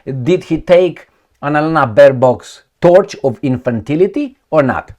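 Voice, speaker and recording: A man hosting a solo political commentary, talking in an animated, mocking way with frequent restarts. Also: on the high side, unhurried.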